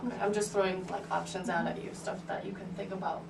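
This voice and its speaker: A woman's voice: medium pitch, little pitch movement, fast, creaky, background noise. Encouraging woman piano teacher, distant. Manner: patient, encouraging, many checking "right?" and "okay". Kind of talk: private music lesson. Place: room with a piano. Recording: roomy, distant, piano playing.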